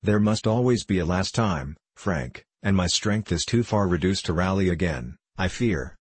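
A man's voice: lively intonation, normal speed, slightly rough, dry recording. A man reading a frail dying mother. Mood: weak, anxious. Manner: low, weak voice.

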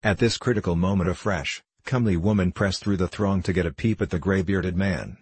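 A man reading a classic tale aloud as an audiobook narrator, in a steady, measured way. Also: sits low, husky, no echo.

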